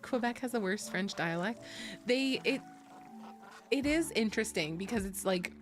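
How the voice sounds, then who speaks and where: A woman's voice: medium pitch, lively intonation, moderate pace. A young woman chats with her stream audience, blunt and loose with her swearing. She laughs easily and answers chat as she goes. Faint music plays underneath. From Ontario, Canada. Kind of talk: casual chat.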